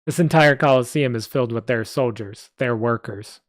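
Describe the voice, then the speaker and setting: A man's voice: mid-range voice, no echo, clean studio sound, close to an everyday voice. Man doing a big knight whispering warnings. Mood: cautious. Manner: whispering, slow and careful. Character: large, cautious male knight.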